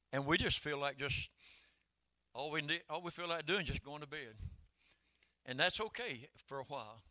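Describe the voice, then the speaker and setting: An older man, preaching a sermon in a folksy storytelling way that swells into shouted calls. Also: medium pitch, no room sound. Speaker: pastor.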